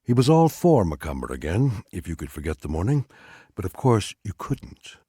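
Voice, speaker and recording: Expressive male reader, husky and low. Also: moderate pace, dry recording, studio quality. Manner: expressive, dramatic reading. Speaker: audiobook reader. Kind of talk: literary story narration.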